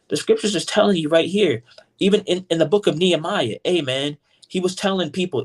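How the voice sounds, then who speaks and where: A man's voice: fairly high pitch, lively intonation, fairly quick. Fervent preaching man in a car. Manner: intense, preacherly, stammers on restarts. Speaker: podcast guest. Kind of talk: fervent preaching-style discussion.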